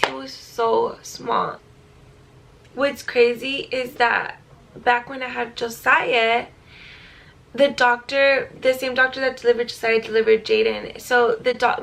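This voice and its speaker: Young woman vlogger from California, casual storytime delivery, gravelly fry, slightly high voice, chatty with filler words. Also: fairly bright tone. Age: young adult. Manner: chatty, many likes and ums, swears casually. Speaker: vlogger telling her life story.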